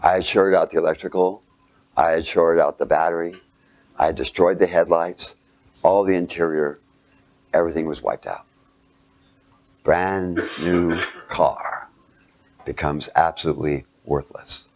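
Low-voiced man telling a story sermon. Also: a little slow, pauses often. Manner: animated, dropping to near whispers and asking rhetorical questions. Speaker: speaker.

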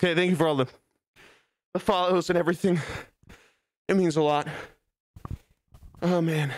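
A man's voice: fairly high pitch, steady tone, moderate pace, long pauses, no room sound, clean studio sound. A young adult man streaming live, talking to his chat in a rambling, joking, self-mocking way while out of breath. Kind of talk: casual livestream chat.

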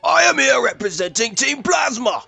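A man's voice: extremely high pitch, very animated, moderate pace, creaky, bright, forceful tone, husky, faint music behind, pitched above the performer's own voice, exaggerated voice. A man voicing a pompous male cult leader who gives a grand, preachy speech in a game playthrough. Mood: preaching. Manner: grand, preachy oratory, breaking into laughs. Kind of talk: let's play voice acting.

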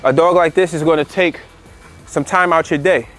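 A man with a slightly higher than average voice explains dog training in a loose, conversational way, circling back over his points and checking in with "all right?" He breaks off now and then to give his dog short commands. Faint music plays underneath. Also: fairly even intonation, normal speed, fairly bright tone. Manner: conversational, repeats phrases, frequent "all right" and "you know". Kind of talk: casual instructional talk to camera.

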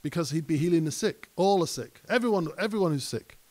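A man's voice: fairly high pitch, lively intonation, fast talker, darkish tone. A male pastor preaching a conversational sermon that rises to emphatic peaks. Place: church hall.

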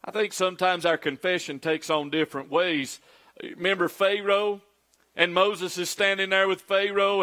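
A man's voice: high-pitched, bright, forceful tone. A middle-aged man preaching a sermon as pastor, acting out quoted pleas in a raised, pleading voice.

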